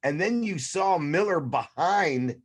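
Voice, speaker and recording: Animated man retelling a game. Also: fairly high pitch, slow, breathy edge. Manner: animated storyteller who acts out reactions. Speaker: podcast co-host. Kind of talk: casual sports chat.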